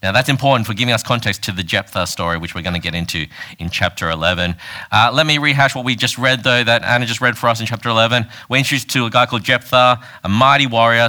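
A man's voice: medium pitch, fast, pushed and bright. A man preaching a casual, conversational sermon, retelling a Bible story and acting out its quoted lines.

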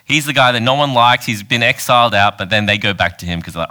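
A man's voice: mid-range voice, animated, fast talker, sharp tone. A man preaching a casual, conversational sermon, retelling a Bible story and acting out its quoted lines.

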